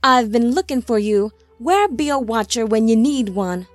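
A woman's voice: on the high side, expressive, normal speed, faint music behind, lightly acted. A woman voicing a brave, dying young woman who speaks faintly and with wonder in an audiobook.

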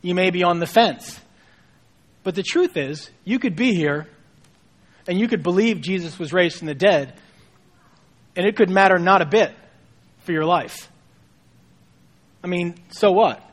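A male pastor with a high-pitched voice gives an Easter sermon. He sounds like he is talking with his congregation rather than lecturing, telling the story casually and with light humor. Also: measured pace, pauses often.

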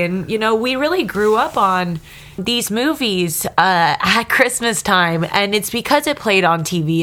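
A woman's voice: medium pitch, a bit bright. Earnest, emotional woman. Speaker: podcast co-host. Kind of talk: casual chat.

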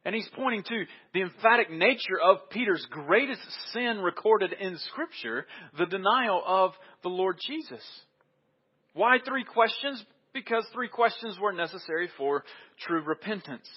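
Husky, emphatic male preacher, lo-fi. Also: high-pitched, expressive, normal speed. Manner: emphatic, repeats key phrases. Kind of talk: sermon.

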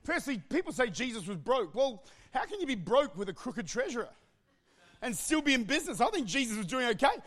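A man preaching to his church in a very high, strained voice. He is impassioned and often breaks into shouts, then cracks jokes in between. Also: very animated, brisk. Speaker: pastor. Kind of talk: sermon.

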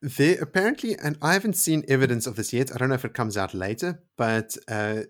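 A man in casual podcast chat, eagerly retelling a fantasy story with excited asides. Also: medium pitch, brisk. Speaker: podcast co-host. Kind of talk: casual book discussion.

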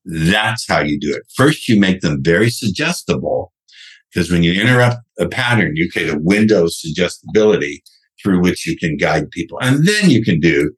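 A man's voice: low voice, very animated, normal speed, husky. A man being interviewed as a sales trainer, talking bluntly and brashly and swearing freely. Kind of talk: podcast interview.

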